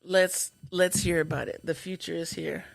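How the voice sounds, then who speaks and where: A woman's voice: on the low side, steady tone, moderate pace, vocal fry, dry recording. A young adult woman hosting a comedy podcast, telling stories in a chatty, self-mocking way. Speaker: podcast host. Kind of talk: comedic storytelling.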